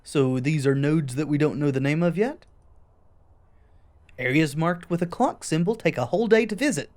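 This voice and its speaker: A woman's voice: low-pitched, expressive, normal speed, a little mellow. A woman casually commenting as she plays a game, with wry, self-deprecating asides. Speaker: let's play host.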